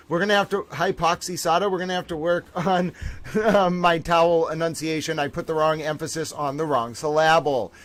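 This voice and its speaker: A man hosting a livestream, giving animated, theatrical commentary on court trials and talking straight to his viewers. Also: high-pitched. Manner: animated, theatrical, keeps saying "ladies and gentlemen".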